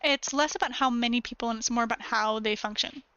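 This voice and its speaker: A woman's voice: fairly high pitch, quick pace, bright, forceful tone, smooth, dry recording, lo-fi sound. A woman streaming games, who gives clipped commands to her dog and then explains things in a casual way. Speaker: gaming streamer. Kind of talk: casual live-stream chat.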